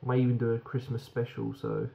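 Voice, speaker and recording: A man's voice: medium pitch, completely flat delivery, a little fast, gravelly, highs cut off. A British man giving a frank, rambling beer review that swears casually.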